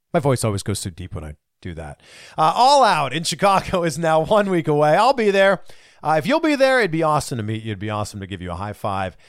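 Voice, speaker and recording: A male host closes his show with upbeat thanks and brisk sponsor reads. His pitch swings a lot as he talks. The sound is dry, with no room around it. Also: no room sound. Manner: upbeat and animated. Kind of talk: podcast outro with sponsor reads.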